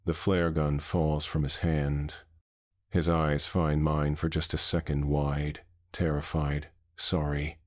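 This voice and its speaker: A man narrating a scripted horror story in a measured, somber way. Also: very deep voice, darkish tone, no echo, clean studio sound.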